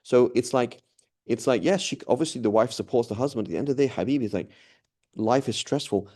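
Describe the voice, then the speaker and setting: A man's voice: medium pitch, fast talker, warm tone. A man giving a casual religious talk in a conversational way, often checking in with the listener and acting out quoted dialogue. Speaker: religious teacher.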